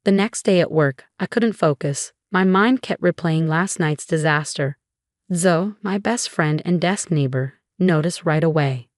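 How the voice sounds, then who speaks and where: A woman giving a scripted first-person story narration in a smooth, steady reading voice. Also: low voice, measured pace, no room sound, clean studio sound.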